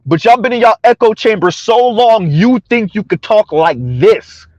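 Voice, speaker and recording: A man's voice: sits high, expressive, normal speed, darkish tone, dry recording, muffled recording. A man giving a combative, sarcastic opinion rant to his viewers, repeating his points and laughing between them. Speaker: commentary vlogger.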